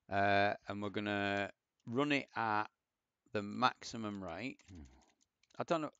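Man, gravelly low voice, rambling coding tutorial, dull dry lo-fi mic. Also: fairly bright tone, no echo. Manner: rambling, self-deprecating, thinks aloud while typing. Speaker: programming teacher. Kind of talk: casual coding tutorial with screen share.

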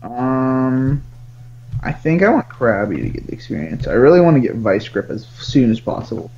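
Lively, teasing young man gaming. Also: medium pitch, moderate pace, dull audio, a little hiss or hum. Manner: playful, teasing, hums and mutters along. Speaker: gaming streamer. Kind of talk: casual chat while playing a game.

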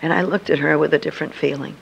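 A woman's voice: low voice, steady tone, fast, creaky, muffled recording, a little hiss or hum. An older woman, a Christian speaker, telling a personal story to an audience in an earnest, emphatic way.

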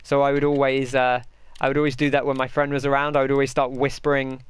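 Smooth-voiced man, dry close sound. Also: mid-range voice, monotone, quick pace, no echo. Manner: chatty, rambling, answers chat. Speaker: gaming host. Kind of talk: live gameplay commentary.

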